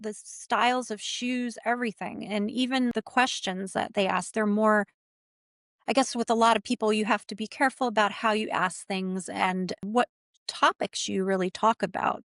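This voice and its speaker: A woman's voice: mid-range voice, no room sound, studio quality. A middle-aged woman, a pageant titleholder, tells her story in an interview in an earnest, heartfelt way.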